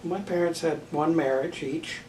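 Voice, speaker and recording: An older man being interviewed about his family's views on marriage and children, speaking thoughtfully with frequent pauses, fillers and restarts. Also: a little high, fairly even intonation, a little mellow. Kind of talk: oral history interview. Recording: roomy, distant mic with faint noise.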